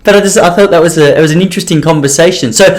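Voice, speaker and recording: Man, podcast host, solo chat, rambling, self-deprecating, slightly high voice. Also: racing.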